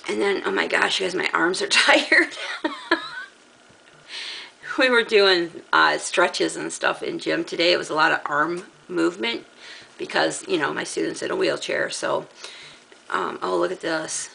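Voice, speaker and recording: A middle-aged woman with a gravelly voice, casually chatting as she shows off fabric from a craft haul, rambling and laughing often. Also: on the low side, a little slow, pushed and bright, a little hiss or hum, low-quality recording. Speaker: crafting channel host. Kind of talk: casual haul show-and-tell.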